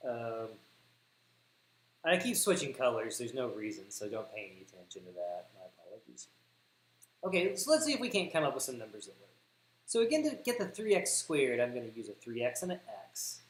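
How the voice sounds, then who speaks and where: Southern man teaching algebra, lively pitch. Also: a little fast. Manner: thinks aloud, corrects himself, repeats words for emphasis. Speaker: math teacher. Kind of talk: livestream algebra lesson. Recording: echoey room with faint hiss.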